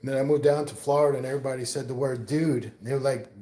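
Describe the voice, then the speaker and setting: A man's voice: mid-range voice, steady tone, fast, few pauses, warm tone, roomy sound. A middle-aged man from New York with a mixed New York accent, chatting casually and rambling as he answers viewers on his livestream outdoors. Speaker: livestream host. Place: outdoors on a windy day.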